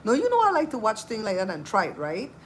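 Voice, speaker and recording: A woman's voice: mid-range voice, fast talker, a little hiss or hum, low-quality recording. A woman hosting a cooking channel, talking in a casual, sassy, chatty way. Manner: animated, chatty, sassy asides. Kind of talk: casual chat.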